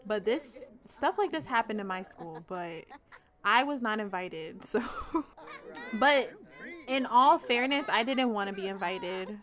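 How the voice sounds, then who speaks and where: Young woman host with a bright high voice, playful and profane, riffing over her game. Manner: playful, excitable, slangy and profane. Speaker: gaming channel host. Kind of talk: casual let's-play commentary.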